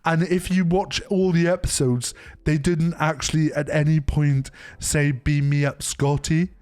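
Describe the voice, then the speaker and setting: A man's voice: fairly high pitch, steady tone, unhurried, a little mellow, close to an everyday voice. A man doing a nitpicking know-it-all fan. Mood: pedantic. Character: pedantic male fan correcting a joke.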